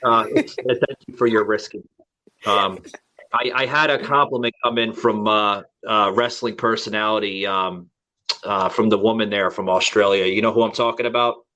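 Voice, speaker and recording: A man's voice: on the low side, steady tone, normal speed, pushed and bright. A man from the United States hosting a podcast in casual chat, rambling with many fillers and restarts. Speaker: podcast host. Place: Florida.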